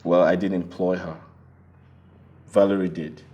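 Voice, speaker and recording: A smug, dismissive rich groom in a film drama with a Nigerian accent. His voice sits somewhat low and he taunts with ease. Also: little pitch movement, measured pace, dull audio.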